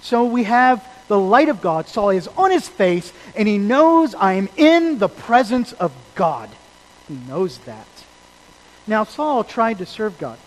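High-voiced emphatic male preacher. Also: big pitch swings, measured pace, rough recording. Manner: emphatic, swings between loud and quiet; asks the congregation questions. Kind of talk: sermon. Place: church service.

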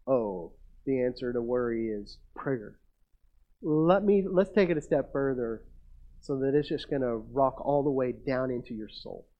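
A man's voice: mid-range voice, highs cut off. A man preaching a sermon as pastor, talking casually with the congregation and reading scripture aloud.

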